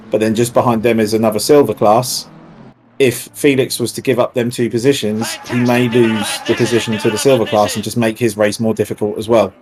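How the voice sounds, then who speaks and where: A man's voice: medium pitch, darkish tone, a little hiss or hum. A man casually explaining rules and ideas on a live race-stream commentary, chatty and playful. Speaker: race series organiser co-commentator.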